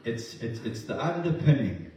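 A man's voice: medium pitch, big pitch swings, moderate pace, a little mellow. A man preaching a sermon in an earnest, emotional way, often restarting his words. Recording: roomy distant sound.

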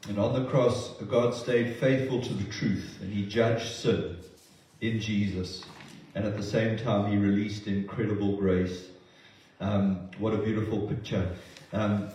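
Man preaching, earnest and emotional, low mellow voice, echoey church hall, heard from a distance. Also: steady tone, a little slow. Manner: earnest, emotional, with repeated restarts. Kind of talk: sermon. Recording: roomy distant sound.

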